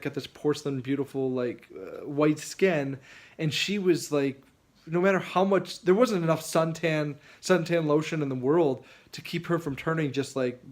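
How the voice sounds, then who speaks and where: A man's voice: on the high side, darkish tone. A man telling a casual anecdote in a rambling way, full of fillers and restarts. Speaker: storyteller.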